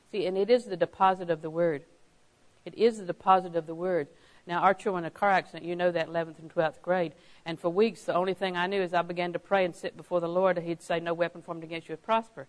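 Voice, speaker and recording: A woman's voice: fairly low pitch, low-quality recording. A woman preaching a sermon, stressing key phrases by repeating them and telling anecdotes with a chuckle.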